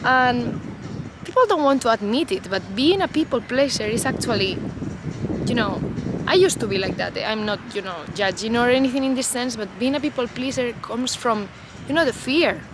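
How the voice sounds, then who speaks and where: Woman, unscripted to-camera talk, loose reflective rambling, outdoors, clear passing-vehicle noise. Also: on the high side, normal speed. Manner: reflective, loose, heavy on "you know" and "like" fillers. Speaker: vlogger.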